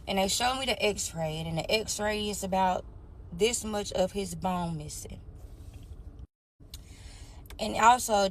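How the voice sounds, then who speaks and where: A woman's voice: on the low side, a little hiss or hum. Candid woman telling her story. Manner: candid, addresses listeners as y'all. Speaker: storyteller sharing her life. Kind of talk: emotional personal storytime.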